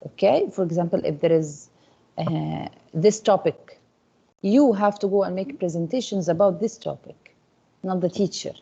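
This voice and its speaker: Woman teacher with a mellow, husky voice. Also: on the low side, moderate pace. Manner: repeats "Okay?" often, coaxing students. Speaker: English teacher. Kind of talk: classroom teaching. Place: classroom. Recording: dull lo-fi classroom recording.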